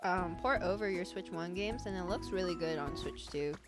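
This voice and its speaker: A woman's voice: on the low side, normal speed. A woman streaming a video game, chatting casually with her viewers, full of filler likes and laughing at herself. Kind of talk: casual gameplay livestream chat. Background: game music.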